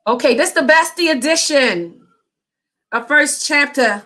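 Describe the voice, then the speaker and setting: Host: chatty woman, bright higher voice, informal live-stream banter. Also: expressive, a little slow. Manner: chatty, laughs often, informal. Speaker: host of author reading show. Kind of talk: casual live-stream chat.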